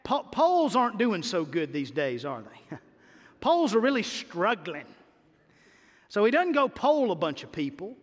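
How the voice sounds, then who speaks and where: A man with a high voice preaches a sermon, swinging between hushed reflection and emphatic peaks. His words ring out with a long hall reverb behind them. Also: huge pitch swings, measured pace. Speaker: pastor.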